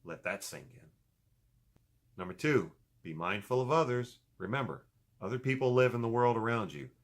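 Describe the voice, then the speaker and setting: A middle-aged man giving casual motivational advice in a video blog, animated and profane, swinging from loud emphasis to low muttering. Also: normal speed. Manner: profane, joking. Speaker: video blogger.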